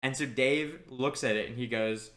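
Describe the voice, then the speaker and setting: Young guy podcast cohost, bright tone, acts out all the people in his story. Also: medium pitch, normal speed. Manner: animated anecdote-telling, quoting people in dialogue. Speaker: podcast co-host. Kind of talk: casual storytelling chat.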